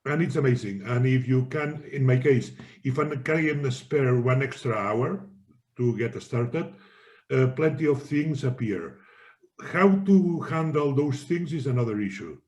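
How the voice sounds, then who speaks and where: A man's voice: mid-range voice, animated, unhurried, a little mellow. A man in a study group discussion, sharing his experience in careful, slightly unusual phrasing. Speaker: group member.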